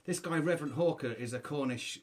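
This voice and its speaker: A man musician from Cornwall co-hosting a live stream, making quiet, wry asides and talking about their songs. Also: on the high side, brisk. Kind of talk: casual live-stream chat.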